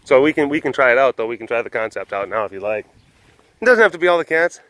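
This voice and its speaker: A man's voice: mid-range voice, lively intonation, quick pace, fairly bright tone, no room sound, low-quality recording. A man hosting a casual vlog, rambling through ideas with self-mocking asides and frequent laughs. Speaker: host.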